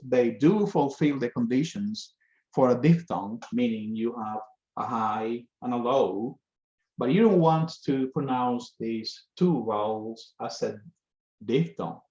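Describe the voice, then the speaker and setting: A man teaching a language lesson, explaining step by step with slow, careful pauses. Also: mid-range voice, a little mellow. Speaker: Spanish teacher. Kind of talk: lecture. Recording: echoey room, dull lo-fi sound.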